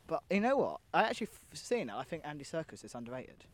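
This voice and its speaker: A man's voice: on the high side, sing-song, fast talker. A young man co-hosting a podcast, rambling and swearing casually as he talks through scenes, often trailing off mid-sentence. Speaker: podcast co-host. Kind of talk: casual chat.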